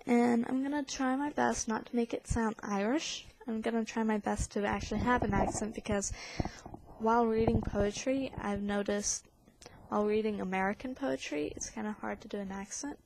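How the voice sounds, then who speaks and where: A woman's voice: fairly high pitch, steady tone, normal speed, vocal fry, darkish tone, a little hiss or hum, low-quality recording. A young adult woman vlogging, chatting in a rambling way with many fillers and reading a poem aloud. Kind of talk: casual vlog chat and poetry reading.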